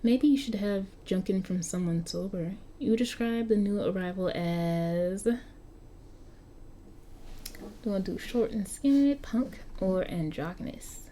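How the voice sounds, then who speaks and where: A woman's voice: medium pitch, a little slow, warm tone, a little hiss or hum. A woman reading an interactive story aloud, often stumbling and restarting over words, with chatty asides to her viewers. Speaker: story narrator.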